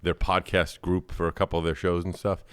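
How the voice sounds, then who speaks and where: A man's voice: sits low, flat delivery, fairly quick, smooth, dry recording. A man chatting casually as a podcast guest, brash and self-deprecating, swearing now and then. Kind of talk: casual interview chat.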